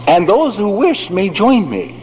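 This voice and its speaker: A man's voice: sits high, measured pace. Blunt profane older man in a hall. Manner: blunt, profane, animated storytelling. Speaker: recovery speaker. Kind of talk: recovery talk to an audience. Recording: faint noise, long hall reverb.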